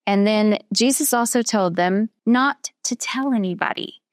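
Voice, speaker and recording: A woman teaching children a Bible story, asking them questions and slowing down on key words. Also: medium pitch, no room sound, clean studio sound. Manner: patient, questioning, slows down for emphasis.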